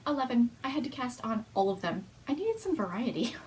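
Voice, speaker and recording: A woman's voice: a little high, sing-song, fairly quick, a little hiss or hum. A young woman hosting a knitting video podcast at home, chatting casually and laughing often.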